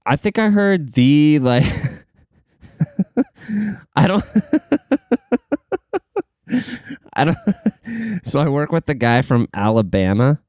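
A man's voice: medium pitch, a little mellow, smooth, dry recording, clean studio sound. Tired, rambling young man podcasting. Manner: rambling, profane, laughs at his own stories. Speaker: podcast host. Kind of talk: casual podcast rant.

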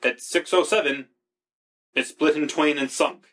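A man's voice: fairly high pitch, measured pace, a bit bright. A man chatting casually with a friend, laid-back, swearing freely and using many fillers. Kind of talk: casual podcast chat.

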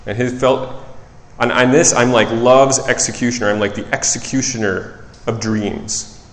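Conversational preacher in an echoey hall. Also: male voice, mid-range voice, normal speed. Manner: conversational, self-correcting, animated storytelling. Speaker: preacher and child psychologist. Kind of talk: sermon. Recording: echoey hall with long reverb.

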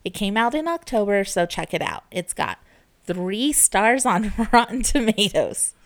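A woman's voice: medium pitch, lively intonation, unhurried. A woman hosting a casual podcast, telling folklore with a playful, laughing manner. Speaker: podcast host.

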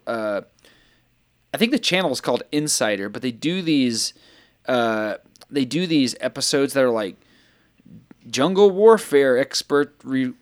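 A man co-hosting a podcast in casual chat, playful with mock-dramatic buildups. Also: mid-range voice. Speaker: podcast co-host.

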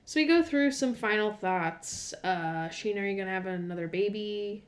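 Young adult woman, podcast co-host, sardonic, deadpan mimicry, casual recap chat, middle pitch. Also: moderate pace. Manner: dry, sardonic, mimics cast members in deadpan voices.

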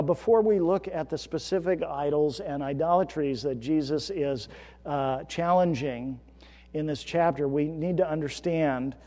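A man preaching a sermon as pastor, earnest, swelling into emphatic storytelling and dropping to a hush. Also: mid-range voice, big-room sound. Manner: earnest, rising to emphatic storytelling then hushed.

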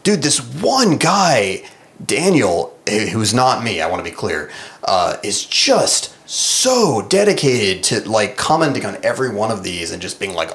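A man's voice: lowish voice, big pitch swings, a little slow, fairly bright tone, slight background noise. A man co-hosting a casual chat, reading comments aloud with sarcastic, mocking asides. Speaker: podcast co-host.

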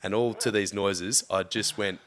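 A young man on a podcast, telling a story casually, swearing freely and getting animated. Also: on the low side, normal speed, a little hiss or hum. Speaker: podcast co-host. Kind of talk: casual chat.

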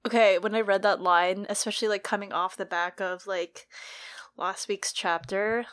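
A woman's voice: medium pitch, fairly even intonation, moderate pace, fairly bright tone. A woman co-hosting a casual book podcast, giggly and emotional, using lots of filler likes. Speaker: podcast co-host.

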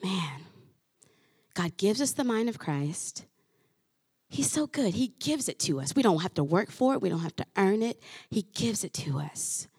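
A woman pastor preaching a sermon in an animated way, acting out the voices of her listeners. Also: medium pitch, a little slow, breathy edge, no echo, clean studio sound. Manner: animated, acts out listeners' voices with rising exclamations.

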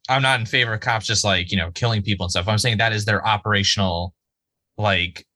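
A man's voice: lowish voice, fairly quick, no room sound. A man, casually and profanely talking through a TV episode as a podcast co-host, rambling with lots of "like"s. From Massachusetts. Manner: animated, profane, rambling with many "like"s. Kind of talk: casual chat reviewing a TV episode.

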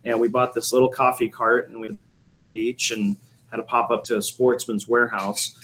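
A man's voice: mid-range voice, level tone, moderate pace, a bit bright, low-quality recording. Middle-aged man telling a long story. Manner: rambling anecdotal storyteller, many restarts and fillers. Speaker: coffee shop owner and podcast host. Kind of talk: casual storytelling chat.

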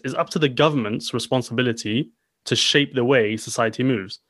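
A man co-hosting a podcast in casual chat, emphatic and fast, full of filler phrases. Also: mid-range voice, dry recording, clean studio sound. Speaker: podcast co-host.

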